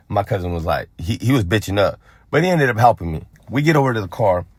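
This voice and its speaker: A man's voice: lowish voice, expressive, fast talker, no room sound, clean studio sound. A young adult man from Phoenix tells a street story in a casual, profane way and acts out other people's lines. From Phoenix, Arizona. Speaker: storyteller on a vlog channel.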